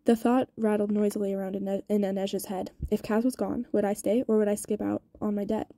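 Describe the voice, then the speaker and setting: Woman reading a book out loud, kinda flat, dark mellow voice, dry close mic. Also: medium pitch, no room sound. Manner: fast reading with small stumbles and restarts. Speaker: audiobook reader. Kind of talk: reading a novel aloud.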